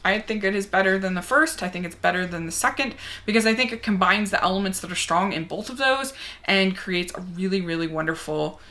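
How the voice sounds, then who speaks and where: Young woman chattering about films, bright clear voice, mid pitch, eager and talky. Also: fairly quick. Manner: chatty and enthusiastic. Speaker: movie reviewer. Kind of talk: casual chat answering a movie tag.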